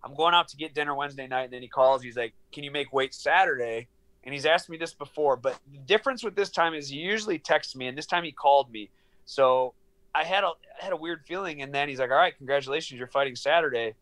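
A man in his thirties speaking over a video call from his studio apartment. His voice sits a little high, and he tells the tale in an animated, profane way, playing out each line of dialogue himself. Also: quick pace. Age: 30s. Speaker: guest, professional fighter. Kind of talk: casual storytelling interview.

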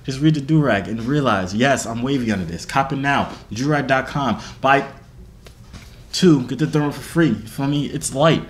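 A man's voice: medium pitch, moderate pace, a little hiss or hum. Laid-back young man vlogger. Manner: laid-back, slangy, joking. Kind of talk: casual vlog talk to camera.

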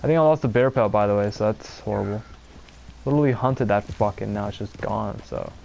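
Gravelly, exasperated young man gaming. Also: fairly low pitch, a little fast, darkish tone, a little hiss or hum. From Pennsylvania. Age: young adult. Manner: exasperated, profane, rambling. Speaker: streamer. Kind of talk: casual gameplay commentary.

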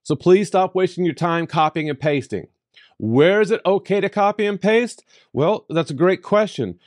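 A man hosting a software tutorial, talking emphatically and playfully, with sudden jumps in pitch for emphasis. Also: expressive, moderate pace, dry recording, studio quality. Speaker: tutorial host. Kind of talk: screen-recorded software tutorial.

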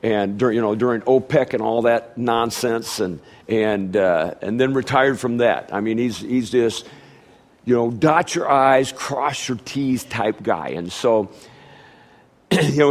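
A middle-aged pastor preaches a sermon, telling a family story and doing animated impressions of his relatives. He speaks at a medium pitch and a measured pace.

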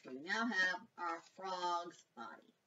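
A woman leading a children's storytime and craft lesson, animated and sing-song, talking directly to small children. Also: lowish voice, slow pace, recorded from a distance, highs cut off, a little hiss or hum. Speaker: children's librarian.

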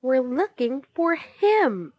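A gruff, bossy boy who leads his friends' club, as a woman reader puts him on. He barks orders slowly, with a lively, swinging pitch. The sound is dry and close. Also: no room sound, full character voice. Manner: gruff, commanding.

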